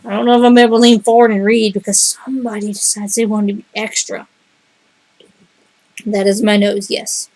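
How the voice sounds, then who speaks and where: A woman streaming a game live, reading the game's text aloud and chatting, reacting out loud and talking to her cat. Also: medium pitch, flat delivery, moderate pace, poor audio.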